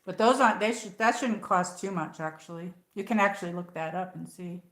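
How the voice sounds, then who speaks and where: A woman's voice: lowish voice, fairly quick, fairly bright tone. A middle-aged American woman chatting casually on her livestream, rambling and reading viewer comments aloud. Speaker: livestream host. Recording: echoey room.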